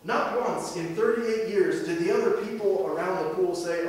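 A man in his thirties preaching a sermon as pastor, conversational and animated, posing rhetorical questions to the congregation. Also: sits high, normal speed, far from the mic. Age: 30s. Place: church sanctuary. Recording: very echoey hall, heard from afar.

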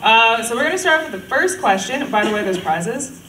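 A woman's voice: fairly high pitch, animated, brisk, crowd noise. Upbeat young woman hosting a fan panel. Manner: upbeat, playfully bossy, laughs often. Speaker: convention panel host. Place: large echoey convention hall. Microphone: handheld mic, heard from a distance. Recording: echoey hall from far off, loud noise.

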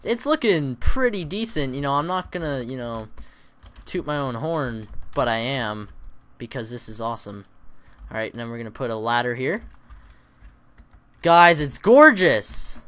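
A man hosting a Let's Play, chatting casually and rambling through his gameplay with self-mocking, excitable asides. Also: mid-range voice. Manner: lively, excitable exclamations.

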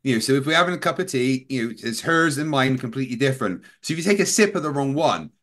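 A man's voice: medium pitch, expressive, fast, fairly bright tone. Guy rambling on a livestream aftershow, lots of uhs and likes, casual chat. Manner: rambling anecdotes with many fillers. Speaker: show co-host.

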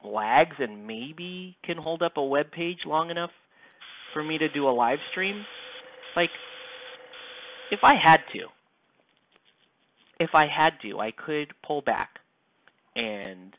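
On the high side and animated, this man talks slowly with long pauses and slight background noise. He's painting miniatures on a live stream, casually rambling into a headset mic with lots of fillers and self-deprecating remarks, the sound tinny and phone-like.

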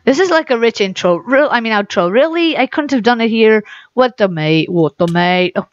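A woman giving playful gaming commentary as a video host, giggly and excitable, breaking into high squealing outbursts. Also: moderate pace, dry recording, dull audio.

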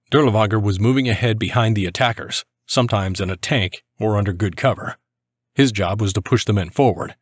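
Low-voiced man narrating a grim memoir. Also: slightly rough, no echo, clean studio sound. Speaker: narrator reading a soldier's memoir. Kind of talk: scripted first-person narration.

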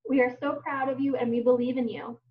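A woman teaching a phonics lesson to young children, sounding words out slowly and encouraging them. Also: high-pitched, level tone, echoey room. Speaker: kindergarten teacher. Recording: distant mic, dull lo-fi sound.

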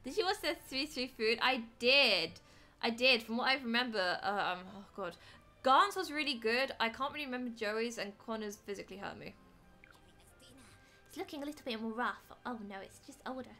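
A young woman from Britain streams a game, chatting playfully and letting out exclamations as she goes. Her slightly high voice is animated, brisk, pushed and bright, over faint background music.

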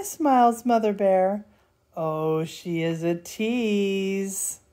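An older woman, a grandmother, reading a bedtime storybook aloud in a lively, playful way. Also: mid-range voice, slow. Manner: lively, playful, does character voices.

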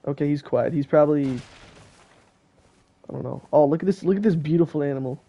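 The sound is lo-fi as a teen streamer chats and jokes with friends on a call during a video game, speaking a little fast in a fairly high voice.

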